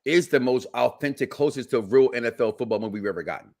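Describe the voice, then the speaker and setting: A man's voice: mid-range voice, fast, darkish tone. A man in his forties hosting a casual podcast chat, rambling and laughing often. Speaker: host.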